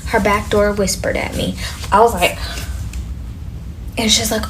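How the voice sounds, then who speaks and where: A woman's voice: medium pitch, little pitch movement, unhurried, pauses often, a bit bright, a little hiss or hum. A woman waxing technician telling a work story in a blunt, exasperated, cursing way. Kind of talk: casual storytelling.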